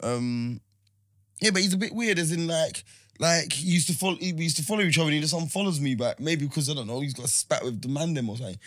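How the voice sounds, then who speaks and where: Relaxed London-accented male co-host, a bit high-pitched, dry close mic. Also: fast, no echo. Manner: laid-back, rambling, slangy. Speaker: podcast co-host. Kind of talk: casual chat.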